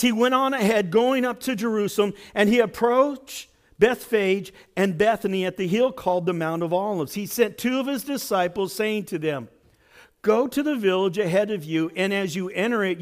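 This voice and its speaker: Animated, dramatic preacher man. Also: sits high. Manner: dramatic, swings from shouting to hushed. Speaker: pastor. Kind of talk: sermon.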